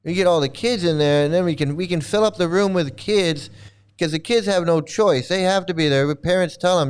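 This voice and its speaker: A man's voice: a little high, a little fast, clear, resonant tone. A man giving casual video commentary, sarcastic and rambling with many restarts.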